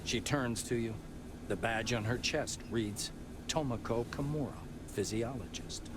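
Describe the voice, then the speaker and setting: A man reading scripted narration for a video game in an even, descriptive voice. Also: mid-range voice, measured pace, background noise, close to an everyday voice.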